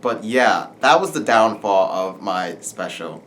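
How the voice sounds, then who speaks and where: A young man doing a casual stand-up set, rambling and deadpan with lots of swearing. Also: on the low side, measured pace, a little hiss or hum. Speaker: stand-up comedian. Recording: distant mic with faint ambience.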